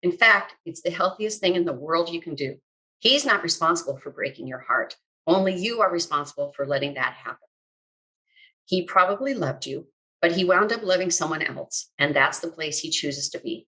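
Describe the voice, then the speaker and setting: A woman quoting a kind, upbeat older male mentor in a warm, coaxing, reassuring way. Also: fairly low pitch, expressive, normal speed, low-quality recording. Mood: gentle, soothing.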